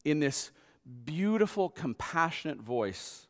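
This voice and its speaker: A man preaching a sermon, acting out the quotes and swinging from soft to loud. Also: fairly high pitch, unhurried, in a large hall, noisy background. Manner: expressive, acts out quotes softly and loudly. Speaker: pastor.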